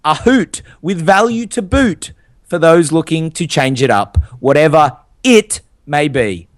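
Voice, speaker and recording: A man's voice: on the high side, animated, measured pace, dry recording, studio quality. A young man co-hosting a podcast, telling stories and reading listener reviews in an upbeat, enthusiastic way. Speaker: podcast co-host. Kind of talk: casual chat.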